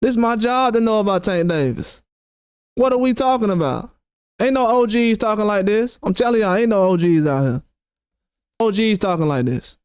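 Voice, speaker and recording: High-voiced man ranting about boxing. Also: normal speed, clear, resonant tone, no echo, studio quality. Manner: animated, mocking, quotes critics sarcastically. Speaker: boxing channel host. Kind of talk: opinionated commentary rant.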